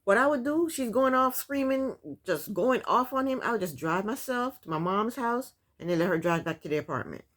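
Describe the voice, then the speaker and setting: A woman's voice: a little high, animated, moderate pace, few pauses, fairly bright tone. A woman giving a blunt, sassy, exasperated casual recap of a TV show. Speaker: reality TV recap YouTuber. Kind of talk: casual commentary.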